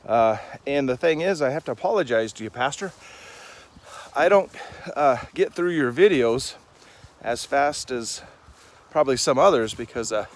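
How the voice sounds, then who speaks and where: A man's voice: medium pitch, animated, moderate pace, long pauses. A man giving a casual devotional vlog while doing farm chores outdoors, rambling and talking fondly to his animals. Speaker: Christian vlogger. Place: outdoors on a rainy farm and in a chicken coop. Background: chickens clucking nearby.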